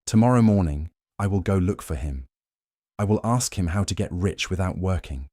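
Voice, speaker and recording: A man's voice: deep voice, animated, normal speed, mellow, no room sound, clean studio sound. A man voicing a lazy, dismissive village husband who grumbles about work. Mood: boastful. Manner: yawning, dismissive.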